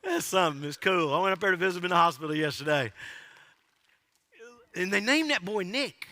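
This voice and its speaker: A pastor preaching a sermon in a church, telling the story in a folksy, joking way and asking the congregation questions. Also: male voice, high voice, animated, a little fast, sharp tone. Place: church sanctuary. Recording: long hall reverb.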